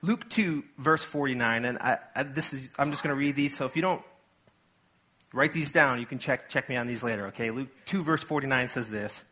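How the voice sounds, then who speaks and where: Bright-voiced man preaching conversationally. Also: medium pitch, a little fast. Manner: conversational, animated preaching with asides and acted-out quotes. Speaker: pastor. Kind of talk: sermon. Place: church.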